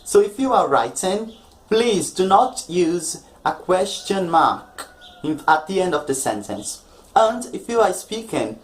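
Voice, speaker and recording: A man's voice: sits high, low-quality recording. Patient man teaching an English lesson. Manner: patient, explanatory, often checks in with "okay?".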